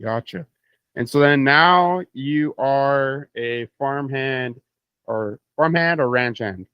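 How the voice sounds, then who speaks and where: Man, young adult, from Canada, podcast interviewer, easygoing joking manner, mid pitch, dry recording. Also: slow pace, clear, resonant tone, dry recording, dull audio. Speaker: podcast co-host. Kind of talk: casual chat.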